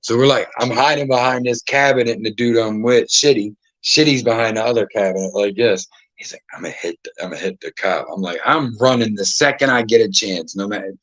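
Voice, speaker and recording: A man's voice: mid-range voice, a little fast, fairly bright tone, no room sound, dull audio. A man, a podcast host telling casual stories full of swearing and acting out other people's lines. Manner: profane, acts out quoted voices. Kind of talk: casual storytelling.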